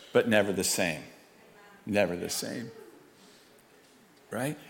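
A man giving a conversational, storytelling sermon with an animated delivery and self-deprecating chuckles. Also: mid-range voice, vocal fry, big-room sound.

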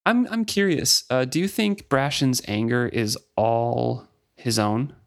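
A man co-hosting a book podcast, reading passages aloud with lively shifts in pitch and talking them over casually. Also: unhurried, gravelly, dry recording, clean studio sound. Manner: reads quotes with lively shifts in pitch, laughs easily. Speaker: podcast co-host.

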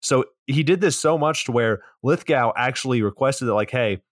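A man co-hosting a podcast, casually recapping a movie in a rambling, relaxed way with some swearing. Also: mid-range voice, normal speed, dry recording, studio quality. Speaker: podcast co-host.

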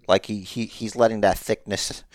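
A man's voice: lowish voice, normal speed, dry recording, studio quality. A man co-hosting a podcast, chatting casually and joking about wrestling. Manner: animated, joking, drops into mock voices. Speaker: podcast co-host.

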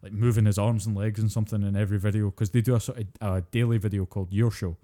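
A man's voice: fairly low pitch, flat delivery, rapid-fire, warm tone. A Scottish man co-hosting a podcast, chatting casually and ranting with plenty of swearing. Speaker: podcast co-host.

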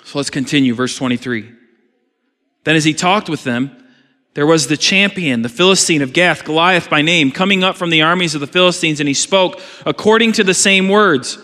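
Bright-voiced preacher in an echoing hall. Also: male voice, on the high side, normal speed. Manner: reads scripture aloud then explains it in earnest, questioning tone. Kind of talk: sermon. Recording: reverberant hall.

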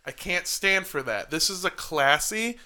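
A man's voice: sits high, expressive, measured pace, crowd noise. A man playing a stern, smarmy realtor boss in a mock-formal, salesman patter.

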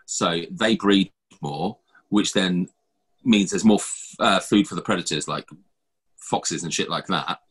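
A man's voice: deep voice, measured pace, a bit bright, slightly rough. A man hosting a podcast, chatting casually and rambling with lots of fillers and restarts. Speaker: podcast host. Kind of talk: casual chat.

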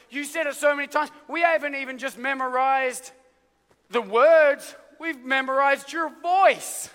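A man preaching a sermon as pastor, telling stories in an animated way and acting out voices. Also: very high-pitched, unhurried. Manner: animated storytelling with acted-out voices. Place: large church hall. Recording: live church hall reverb.

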